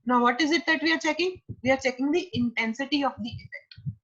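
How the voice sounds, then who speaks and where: A woman's voice: high voice, quick pace, a bit bright, dull audio. A woman giving an online psychology lecture, explaining terms patiently and repeating key words.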